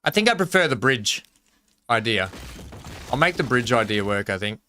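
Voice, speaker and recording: Bright-voiced man streaming casually. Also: mid-range voice, sing-song, normal speed, a little hiss or hum. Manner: rambling, thinks aloud, chats with viewers. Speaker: live-streamer. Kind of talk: casual live-stream chat while gaming.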